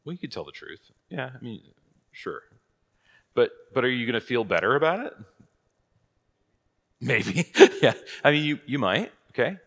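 A man's voice: medium pitch, very animated, moderate pace, gravelly, long pauses, fairly bright tone, slightly rough. A man teaching a church catechism class in a casual, conversational way, asking rhetorical questions and laughing at his own asides.

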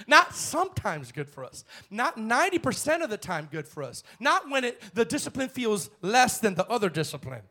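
A male pastor preaching a bold sermon in church, swinging from shouted lines to hushed ones. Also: extremely high pitch, sing-song, normal speed, few pauses.

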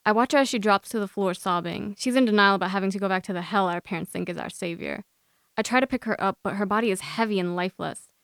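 A young woman reading her personal essay aloud in an earnest, steady way, then talking casually about it as a guest. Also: mid-range voice, fast talker, creaky, no echo, studio quality. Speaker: guest author.

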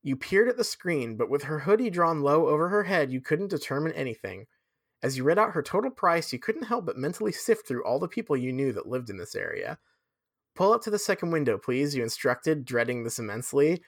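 Brief: podcast host giving a fanfic a dramatic read, very animated delivery, dry close sound. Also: medium pitch, fairly quick, slightly rough, no room sound. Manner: dramatic reading with swearing asides. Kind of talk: reading fan fiction aloud.

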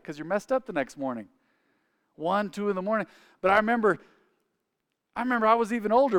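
Middle-aged male preacher, bright smooth voice, storytelling sermon with lively acted-out dialogue. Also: high-pitched, in a large hall. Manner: animated, acts out dialogue in quick voices.

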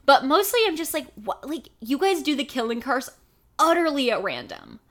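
A woman's voice: high-pitched, very animated, normal speed, fairly bright tone. A woman co-hosting a podcast in casual chat, sarcastic and swearing, with exasperated asides. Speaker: podcast co-host.

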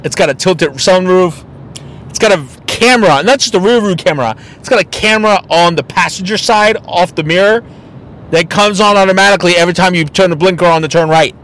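A podcast host, a young man with a fairly high voice, briskly tells a casual story laced with swearing. He's animated and loose, slipping into other people's voices like a friend recapping his week.

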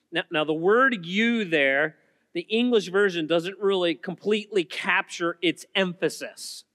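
A man preaching a sermon as pastor, emphatic, swinging between loud repeated lines and quiet asides. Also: sits high, dry recording, studio quality, big-room sound. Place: church auditorium.

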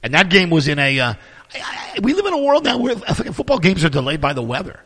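A middle-aged man hosting his podcast, telling stories in a sarcastic, profane, animated casual monologue. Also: a little high, quick pace, slightly rough, long reverb tail. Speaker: podcast host.

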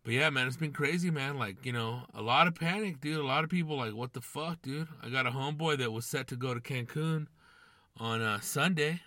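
A man's voice: medium pitch, brisk, bright, forceful tone, no room sound, clean studio sound. A young man hosting a podcast, rambling casually with constant swearing and slang. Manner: profane, rambling, slangy, says "dude" and "man". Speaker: podcast host. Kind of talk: casual monologue.

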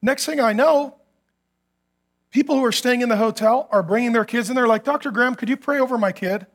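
A middle-aged male pastor preaching with a strikingly high voice. He tells stories in a lively way, acting out the quotes with humor. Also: brisk. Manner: animated storytelling with acted quotes and humor. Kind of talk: sermon.

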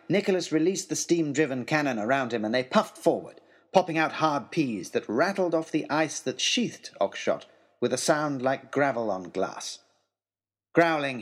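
A man narrating a children's adventure story in a dramatic, expressive storytelling manner. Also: mid-range voice.

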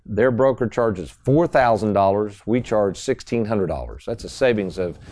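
A man's voice: on the low side, lively intonation, moderate pace, a little mellow. A man hosting a radio talk show as a financial advisor, folksy and salesy, speaking to listeners as folks.

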